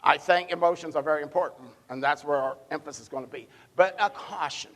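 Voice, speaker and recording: Man, pastor's sermon in a church, high-pitched voice, emphatic, dips from loud to hushed, repeats words. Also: quick pace, in a large hall. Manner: repeats words when building a point. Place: church sanctuary.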